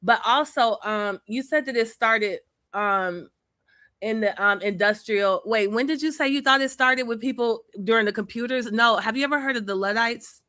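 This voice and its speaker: Bright-voiced woman explaining casually. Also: fairly high pitch, normal speed, no room sound, clean studio sound. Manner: explains history casually with fillers and swearing. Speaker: podcast co-host.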